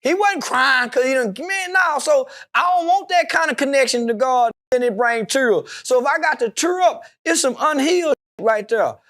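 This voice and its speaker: Brash, profane man with a high voice. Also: animated, normal speed, few pauses, bright, forceful tone. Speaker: interview guest. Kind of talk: casual interview talk.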